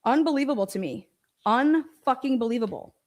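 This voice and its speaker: A woman's voice: high voice, fairly quick. A woman host giving heated, profane commentary on a court ruling, exasperated and ranting in outbursts of disbelief. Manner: animated, rising into outbursts of disbelief. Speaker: show host and legal commentator.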